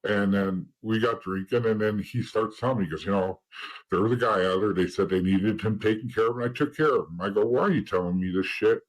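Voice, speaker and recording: A middle-aged man tells his story in an interview, bluntly and with plenty of swearing, slipping into the voices of people from his past. His voice sits low and sounds husky and a little rough. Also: brisk, rough recording. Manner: blunt, profane, acts out past conversations. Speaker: interview guest, former informant.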